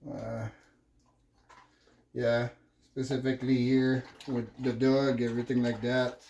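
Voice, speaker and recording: Slow-talking man with a French accent. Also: mid-range voice, flat delivery, a little mellow. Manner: loose, rambling, jokey asides. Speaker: vlogger cooking on camera. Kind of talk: casual chat while cooking. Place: home kitchen. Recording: echoey kitchen with faint noise.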